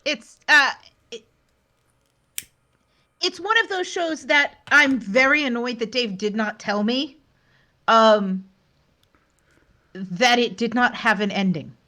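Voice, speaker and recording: A woman chatting on a podcast, brisk and opinionated, often chiming in with short agreeing replies. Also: a little high, bright, forceful tone. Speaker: podcast co-host. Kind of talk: casual chat.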